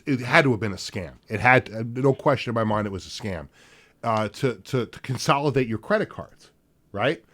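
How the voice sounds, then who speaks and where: A middle-aged man hosting a sports talk radio show, telling stories in a rambling, laughing way with many fillers. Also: mid-range voice. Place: radio studio.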